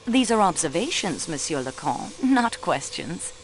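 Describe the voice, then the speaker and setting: Her lowish voice has a sing-song quality and a measured pace, with slight background noise. In this video game voice acting, a young woman plays an amateur detective in a mystery game, a railway clerk who takes up sleuthing. She is sharp, cool, poised and persistent, probing as she speaks and dropping in bits of French.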